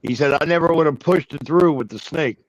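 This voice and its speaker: A man telling a crude story in casual chat, with deadpan jokes and a lot of swearing. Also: a little high, fairly quick, no echo. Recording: dry dull lo-fi audio.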